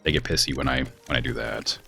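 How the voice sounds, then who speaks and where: A man from the US West Coast chats casually while streaming a game, rambling with plenty of fillers and sounding exasperated about his family. His voice is extremely low, creaky and sharp, and he talks fast. Faint music plays in the background.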